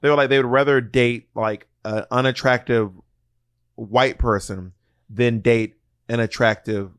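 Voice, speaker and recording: A man of middle pitch talks frankly as a podcast co-host in loose, casual conversation. He often restarts his sentences and slows down while he works out a thought. The sound is dry and close. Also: steady tone, a bit bright, clear, resonant tone, no echo. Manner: chatty, frank, prone to restarts and slowing mid-thought. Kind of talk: casual chat.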